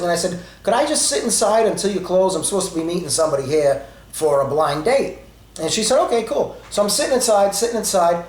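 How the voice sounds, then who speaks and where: A man in his forties with a noticeably high voice tells his stories casually, stringing along fillers and acted-out quotes. The room around him is echoey, so his voice rings a little. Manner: rambling, conversational, with many fillers and quoted dialogue. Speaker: storyteller. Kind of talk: casual storytelling.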